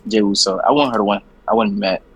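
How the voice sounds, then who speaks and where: Fast-talking husky man. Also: on the low side, fairly bright tone. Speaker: podcast co-host. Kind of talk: casual wrestling podcast chat.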